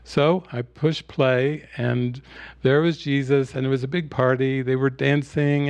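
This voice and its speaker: A man giving a spiritual teaching talk at an online retreat, retelling a film scene in a relaxed storytelling way. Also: medium pitch, dry recording.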